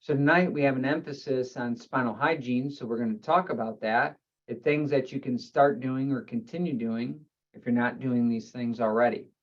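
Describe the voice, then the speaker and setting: A man's voice: medium pitch, normal speed. Man explaining spinal health, lo-fi audio. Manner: explanatory, lists terms in steady runs. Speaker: chiropractor. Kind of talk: health webinar presentation.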